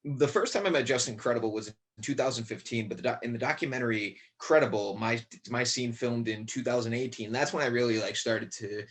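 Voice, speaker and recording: A man's voice: medium pitch, a little fast, hardly any pauses. Rambling young man from Connecticut. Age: about 20. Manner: rambling, many fillers and restarts. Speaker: guest, young actor. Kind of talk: casual podcast interview.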